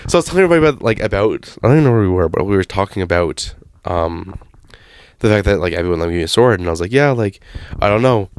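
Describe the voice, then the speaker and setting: A man's voice: sits low, rapid-fire, darkish tone, smooth, dry recording. A man co-hosting a podcast, chatting casually and retelling a phone call by acting out both sides. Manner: storytelling, acts out quoted exchanges. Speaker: podcast co-host. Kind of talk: casual chat.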